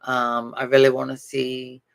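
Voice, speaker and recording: Creaky-voiced chatty man vlogging. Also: medium pitch, unhurried. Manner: chatty, rambling, animated, laughs easily. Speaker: doll channel vlogger. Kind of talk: casual chat.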